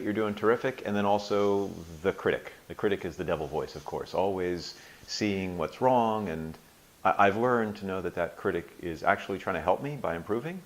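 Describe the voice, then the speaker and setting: A man in his sixties, a workshop alumnus, answers interview questions thoughtfully as a guest, pausing and restarting. At times he playfully acts out his own inner voices; his voice sits low, and the recording is rough.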